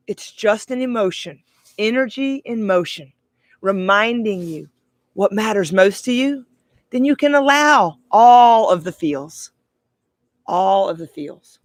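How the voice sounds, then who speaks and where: A middle-aged woman life coach giving a heartfelt, reflective monologue, slowing down for emphasis. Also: mid-range voice, a bit bright, no room sound. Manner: heartfelt, slow and emphatic in places. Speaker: life coach, podcast host.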